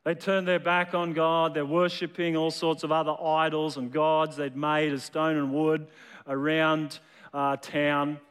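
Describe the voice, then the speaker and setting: Male pastor telling a bible story, smooth high voice, lots of hall echo. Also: flat delivery, unhurried, fairly bright tone. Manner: storytelling, repeats words as he builds. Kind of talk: sermon.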